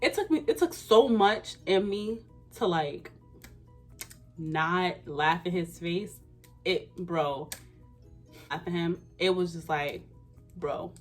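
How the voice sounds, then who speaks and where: A young woman in her twenties spins a casual storytime in a lively, swooping voice. She leans on slang and stresses words for emphasis, with faint music playing under her. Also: on the low side. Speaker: vlogger.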